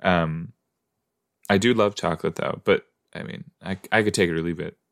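A low, creaky male voice at normal speed belongs to a podcast host reacting to a TV episode. Casual and chatty, he talks back to the characters, exclaims at the screen and drifts into playful musing asides.

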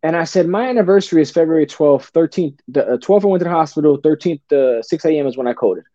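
A middle-aged man tells a personal story in a lively, casual way and keeps calling the listener brother. His voice is mellow and dark. The recording is dry and a little dull. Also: a little high, fast talker, no echo. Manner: animated, calls the host brother and bro. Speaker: podcast guest.

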